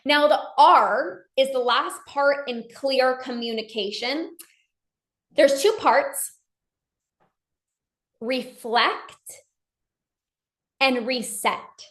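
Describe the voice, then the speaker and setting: A woman's voice: high-pitched, drawn-out words, long pauses, a bit bright. A woman giving a motivational talk as a life coach, emphatic, acting out short dialogues in her own voice. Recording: echoey room.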